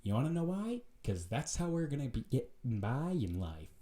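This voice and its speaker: Vlogger man, mid-pitch, swearing and preachy, in a roomy room. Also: moderate pace. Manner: profane, animated, preachy. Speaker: vlog host. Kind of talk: casual rant to camera. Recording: roomy echo.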